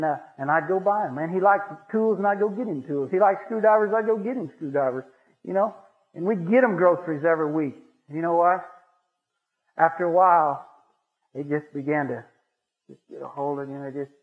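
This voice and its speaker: A man with a high voice tells a personal faith testimony in a folksy, repetitive manner. His telling builds in fervor. The sound is thin and tinny, like an old radio broadcast heard over a phone line. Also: brisk. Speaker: lay Christian speaker giving a testimony.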